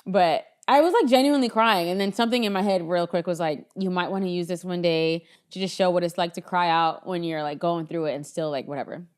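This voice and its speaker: Woman cohosting a podcast, chatty and lively, tells stories and laughs a lot. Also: on the low side, fairly quick, few pauses, clear, resonant tone. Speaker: podcast co-host. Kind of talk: casual chat.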